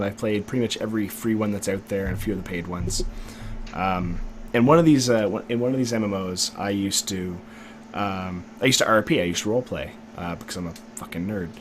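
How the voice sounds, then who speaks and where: A man's voice: lowish voice, fairly quick, slight background noise. A young man co-hosting a podcast, chatting in an easygoing, self-mocking way and swearing casually. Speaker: podcast co-host. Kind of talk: casual chat.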